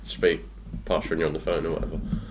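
A man's voice: rumbling low, monotone, a little hiss or hum. A man with a joking, laugh-prone manner, hosting a casual podcast chat and running quiz games. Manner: laughs often, joking and quick.

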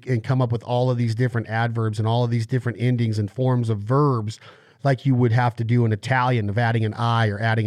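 A man hosting a casual podcast interview, explaining at length in animated bursts. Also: mid-range voice, dry recording, studio quality. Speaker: podcast host.

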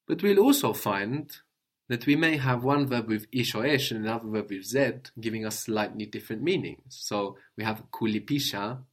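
Patient man teaching a language lesson. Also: fairly low pitch. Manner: patient, prompting questions, gentle corrections.

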